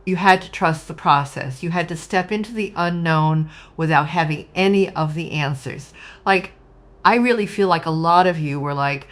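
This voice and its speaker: Woman, middle-aged, lower voice; casual gushing tarot reader, emotional. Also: normal speed. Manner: warm, gushing, emotional, addresses viewers as "you guys". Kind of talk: casual tarot reading monologue.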